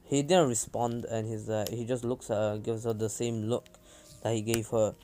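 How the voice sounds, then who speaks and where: A man casually retelling a fan story, rambling with fillers and frequent throat clearing. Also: lowish voice, level tone, normal speed, dark tone. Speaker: channel host.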